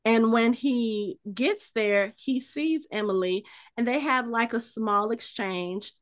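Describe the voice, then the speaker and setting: Podcast co-host, woman, higher-pitched voice, dry close sound, animated scene-by-scene retelling. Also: slow, no echo. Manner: animated retelling, acts out quoted dialogue. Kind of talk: casual TV recap chat.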